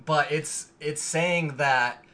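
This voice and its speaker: A man's voice: fairly high pitch, slow pace, pushed and bright. A young American man hosting a casual chat, loose and jokey, laughing easily. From United States.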